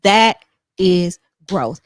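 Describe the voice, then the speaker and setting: A woman's voice: lowish voice, lively intonation, extremely slow, no room sound, studio quality. A woman hosting a podcast in casual chat, talking earnestly and encouragingly and often checking in with "you know what I'm saying.". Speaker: podcast host.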